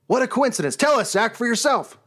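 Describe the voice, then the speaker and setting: Channel host, male, high voice, scornful yelling rant. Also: expressive, a little fast. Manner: yells and raises his voice, scornful. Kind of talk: angry monologue rant.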